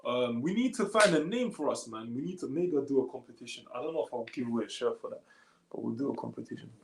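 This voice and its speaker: Gravelly man chatting on a stream. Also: mid-range voice, fast talker, reverberant, noisy background. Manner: relaxed slangy talk, reads comments aloud. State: a little tired. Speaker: streamer answering chat. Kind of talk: casual live stream chat.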